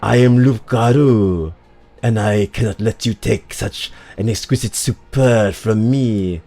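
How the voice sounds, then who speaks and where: A pompous werewolf gourmand with a hammy fake French accent, voiced by a man who savors every word in slow, theatrical drawls. His tone swings between haughty and low, purring menace. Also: mellow. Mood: gloating. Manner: theatrical, drawn-out, savoring words.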